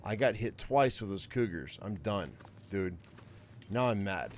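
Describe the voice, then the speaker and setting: With slight background noise, this man plays a video game and offers laid-back commentary in a lowish voice with lively intonation at a measured pace. He swears freely, repeats himself, and grumbles that he's angry.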